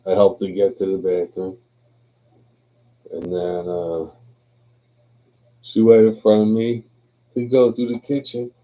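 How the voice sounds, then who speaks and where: A man's voice: fairly low pitch, level tone, slow pace, pauses often, phone-quality sound. A tipsy man hosting a livestream, rambling in a laid-back, profane way. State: tipsy from drinking. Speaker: livestream host. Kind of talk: rambling casual livestream chat.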